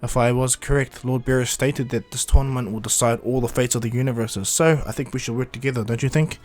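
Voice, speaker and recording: A man's voice: medium pitch, fairly even intonation, fast, a little mellow, natural voice. A man voicing a confident, easygoing male fighter hero who lectures others firmly, in a casual cartoon retelling. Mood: calm.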